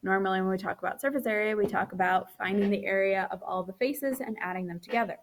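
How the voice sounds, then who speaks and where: A woman's voice: mid-range voice, fast, slight background noise. A woman teacher walking through a recorded math lesson, counting aloud as she draws and correcting her own slips, tired and yawning.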